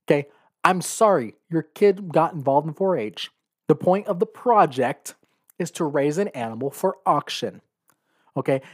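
A man's voice: a little high, a little mellow. A man hosting a podcast, giving blunt, sarcastic opinions in a casual monologue. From California. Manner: blunt, sarcastic, laughs while reading. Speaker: podcast host.

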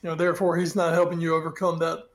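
A man's voice: a little high, completely flat delivery, quick pace. A man co-hosting a sports podcast, giving blunt, opinionated takes and laughing at his own jokes. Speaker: podcast co-host. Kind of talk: casual sports chat.

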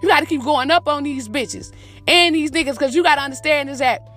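High-voiced preachy woman. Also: a little fast, a bit bright, faint music behind. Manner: preachy, repetitive, profane, calls listener "my baby". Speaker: podcast host. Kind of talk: motivational monologue.

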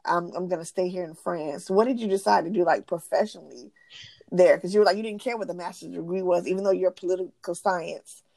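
A woman's voice: on the low side, brisk, creaky, a little mellow. A woman hosting an interview, giving short encouraging replies and asking follow-up questions. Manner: brief encouraging replies and laughter. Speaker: host. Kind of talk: interview chat.

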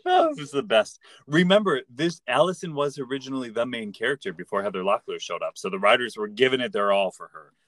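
A man's voice: mid-range voice, big pitch swings, fast, few pauses, a bit bright, no room sound. A man hosting a podcast, chatting casually with wry, playful, mock-serious humor. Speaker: podcast host. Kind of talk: casual chat recapping a TV episode.

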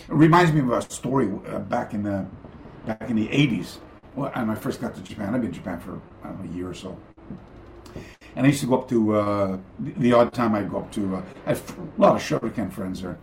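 Older male guest on a video call, lively storyteller with a wandering delivery, roomy sound. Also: lowish voice, fast, a little hiss or hum. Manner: animated, rambling, many fillers and restarts. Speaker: guest, karate master. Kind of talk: casual storytelling interview.

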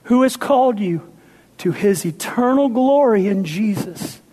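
Man, pastor, sermon, higher voice, playful, hushed appeals. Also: animated, measured pace. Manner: playful, then hushed and intense.

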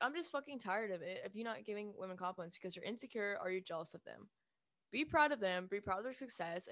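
In a casual vlog rant, a young woman vents bluntly and emphatically, swearing often and leaning heavily on "like." Her voice is mid-pitched for a woman, and the recording is close and dry with no room echo.

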